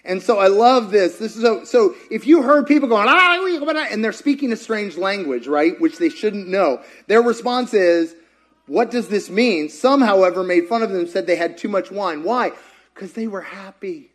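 A man preaching a sermon as pastor, animated and acting out quotes with humor. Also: sits high, normal speed. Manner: animated, acts out quotes, jokes with co-speaker.

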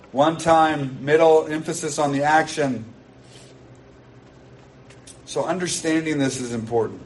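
A man preaching a sermon in a church, his voice sitting slightly high. He speaks earnestly and emphatically, circling back on key phrases. The mic is some way off, and faint noise hangs behind him. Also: far from the mic, low-quality recording. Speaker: pastor.

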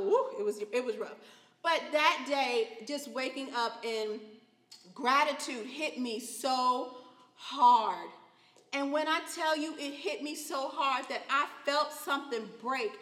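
Woman preacher, high bright voice, emotional testimony, recorded in a reverberant hall. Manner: emotional testimony, swells loud and high at key points. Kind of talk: sermon. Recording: echoey hall.

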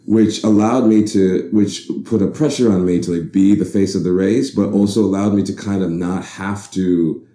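A man's voice: low-pitched, fairly even intonation, moderate pace, mellow. A young man from the Bahamas in casual conversation, talking reflectively and rambling with frequent restarts. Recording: roomy echo.

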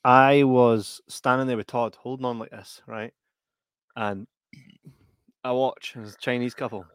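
A man's voice: medium pitch, little pitch movement, unhurried, clean tone, no room sound. A man co-hosting a casual chat, telling funny stories and breaking into heavy laughter. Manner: laughs heavily while telling anecdotes. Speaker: podcast co-host.

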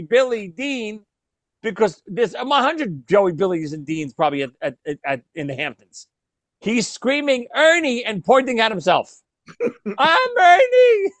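Animated high-voiced man telling a story. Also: no echo. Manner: animated, laughs often, repeats words. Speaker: storyteller among friends. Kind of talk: casual storytelling chat.

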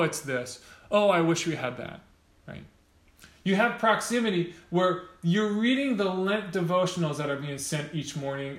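Male pastor, slightly high voice, casual sermon style, roomy church sound. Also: a bit bright. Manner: conversational, keeps asking "right?".

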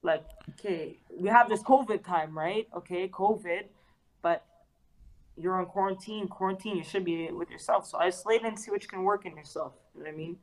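A woman's voice: lowish voice, a little fast. Female guest, earnest and reflective, filler-heavy casual talk. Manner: earnest, reflective, many "like"s and "you know"s. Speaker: interview guest. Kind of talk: casual interview chat.

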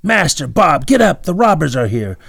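A man voicing a desperate young servant girl who pleads and shouts for help in a storybook reading. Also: sits low, animated, normal speed, creaky, breathy edge, no echo, clean studio sound, full character voice. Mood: shouting in panic.

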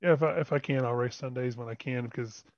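A man's voice: mid-range voice, steady tone, quick pace, dry recording. A man co-hosting a racing podcast, talking in a laid-back way about racing online. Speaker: podcast co-host and sim racer. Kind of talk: casual racing podcast chat. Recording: dull, muffled mic.

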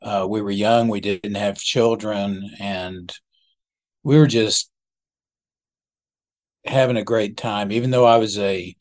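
Slow-talking older man in his 70s. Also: on the low side, fairly even intonation. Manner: unhurried, chuckling, self-deprecating. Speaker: ministry founder as guest. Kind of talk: reminiscing storytelling in an interview.

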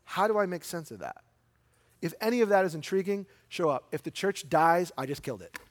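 A middle-aged man preaching a sermon in a church, conversational, asking rhetorical questions and slowing down for emphasis. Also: high voice, lively intonation. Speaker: pastor. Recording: long hall reverb.

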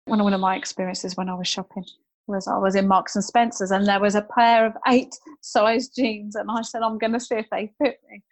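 A woman, chatting as a guest and telling stories with lots of excitement and quoted voices. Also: mid-range voice, brisk. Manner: excitable storyteller, quotes people. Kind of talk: casual chat.

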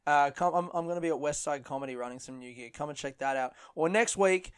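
A man's voice: fairly high pitch, fast talker, clean tone. A young man, a comedian, chatting casually on his podcast, rambling and laughing a lot and swearing freely. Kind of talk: casual chat.

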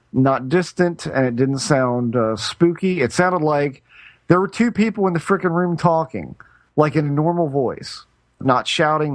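A man's voice: mid-range voice, no room sound. A middle-aged man, a podcast co-host, chatting casually and telling a story in a rambling way, often stopping to restart his sentences. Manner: rambling, self-interrupting storyteller with frequent restarts. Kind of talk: casual chat.

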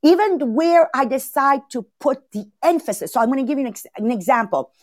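A woman's voice: high-pitched, lively intonation, brisk, no echo, studio quality. Woman coaching with emphasis. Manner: emphatic, repeats words for stress, many fillers. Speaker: podcast host, leadership coach. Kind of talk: motivational teaching talk.

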